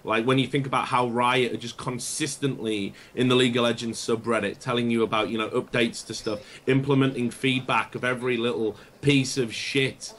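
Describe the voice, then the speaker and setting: Man, podcast guest, emphatic and opinionated, profane, mid-pitched voice. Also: little pitch movement, fairly quick, few pauses, a bit bright. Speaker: guest commentator. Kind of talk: casual podcast discussion.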